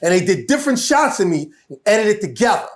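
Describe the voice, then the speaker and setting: Animated New man telling stories. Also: high-pitched, fast talker. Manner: animated, laughing, many restarts. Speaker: guest. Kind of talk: casual storytelling.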